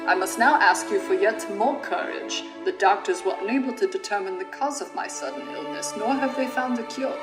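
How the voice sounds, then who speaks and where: A woman's voice: medium pitch, lively intonation, close to an everyday voice, rough recording. A woman putting on a dying German-tinged doctor. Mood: grave. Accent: loose put-on German-tinged accent. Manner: formal, measured letter reading. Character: dying male doctor writing a farewell letter. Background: game music.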